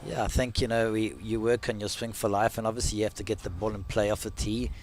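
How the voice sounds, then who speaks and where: A man's voice: on the low side, level tone, fast talker, noisy background. A man giving laid-back analysis as co-commentator on a live golf broadcast.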